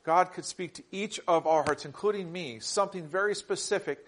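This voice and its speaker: A man preaching a sermon, swinging from loud emphatic scripture reading to quiet intimate asides, with slow stresses on single words. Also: sits high. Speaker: pastor.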